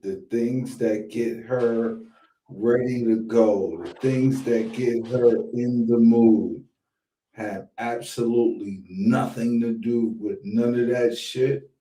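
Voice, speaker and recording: Slow, blunt, profane podcast host man. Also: mid-range voice, dark tone, reverberant. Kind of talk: casual commentary.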